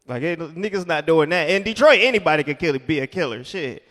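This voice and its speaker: A man with a high voice performs a stand-up comedy set, telling stories and slipping into characters. The sound carries the long reverb of a club hall. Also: normal speed. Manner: animated storytelling, acts out characters.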